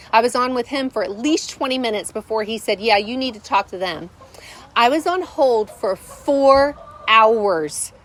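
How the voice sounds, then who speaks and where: With a fairly high-pitched voice, a middle-aged channel host tells a meandering, filler-heavy story straight to camera outside at her rural homestead. A little hiss or hum can be heard.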